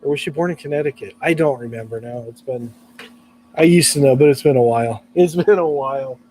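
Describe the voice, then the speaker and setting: A man from California, hoarse from allergies, chatting casually and laughing often on a live stream. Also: mid-range voice, brisk, darkish tone, slight background noise.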